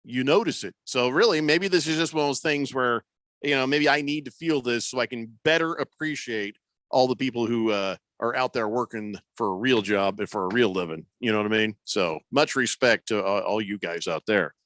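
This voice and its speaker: A man's voice: mid-range voice, brisk, a bit bright, no echo. A man hosting a radio sports show, rambling and joking about himself in casual talk. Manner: rambling, joking, self-mocking. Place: radio studio.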